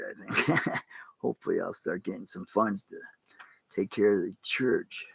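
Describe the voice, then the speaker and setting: A man's voice: mid-range voice, creaky, a bit bright, husky, rough recording. A man, a pastor, giving a casual, rambling sermon in plain spoken words with some mild cursing. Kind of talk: casual streamed sermon talk.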